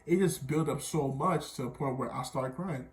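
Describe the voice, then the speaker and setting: A man's voice: medium pitch, normal speed, reverberant. A young man from Miami telling a rambling storytime vlog, often repeating himself and quoting others. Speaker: vlogger.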